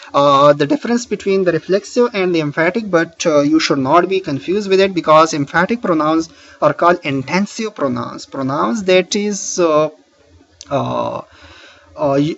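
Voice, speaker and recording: A man's voice: sits high, fairly bright tone. A man teaching a grammar lesson, patiently asking questions and answering them himself, with frequent "uh" fillers as he explains. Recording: slightly muffled lo-fi recording.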